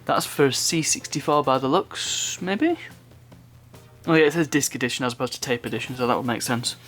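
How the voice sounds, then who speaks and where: A man's voice: medium pitch, fast, fairly bright tone, soft background music. Chatty man, rambling unboxing. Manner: rambling, chuckling asides. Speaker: unboxing video host. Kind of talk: casual unboxing chat.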